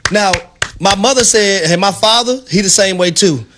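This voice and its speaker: A man co-hosting sports radio, animated and playful, teasing fans like a preacher. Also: high voice, moderate pace, very noisy.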